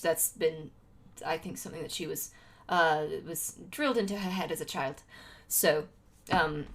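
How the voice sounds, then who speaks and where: A woman's voice: fairly low pitch, expressive, moderate pace, fairly bright tone. Rambling young woman from Utah. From Utah, United States. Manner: rambling, with many fillers and restarts and frequent laughs. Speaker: streamer. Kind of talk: casual chat to a livestream.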